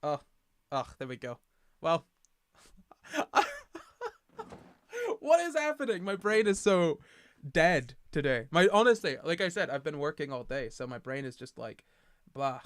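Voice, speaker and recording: A man's voice: a little high, animated, normal speed, fairly bright tone, smooth, no echo. A tired young man from the United Kingdom, rambling and self-mocking as he hosts a casual livestream and reads the chat aloud. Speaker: livestream host.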